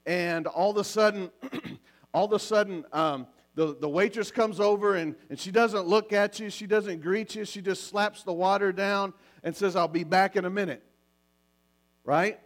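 A man preaching a sermon as pastor, acting out little scenes with lively voices to make his points. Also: high-pitched, normal speed. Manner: animated, acts out little scenes. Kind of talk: sermon on marriage. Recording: mains hum.

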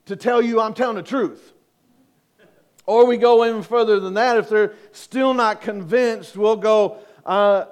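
A middle-aged male pastor preaching a conversational sermon, joking and asking the congregation questions. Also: high voice.

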